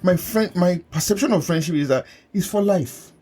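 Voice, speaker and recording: A man hosting a podcast, telling personal stories in an animated way, laughing often and acting out what people said to him. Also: high-pitched, moderate pace, husky. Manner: animated storyteller, laughs often, acts out quotes. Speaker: podcast host and coach. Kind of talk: casual conversational chat.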